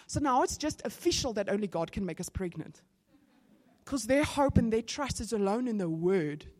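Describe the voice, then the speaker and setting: A middle-aged woman tells a church story with lively storytelling. She slips easily into sudden bursts of excitement. Her pitch sits in a middle range for a woman. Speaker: speaker giving testimony. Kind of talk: sermon testimony.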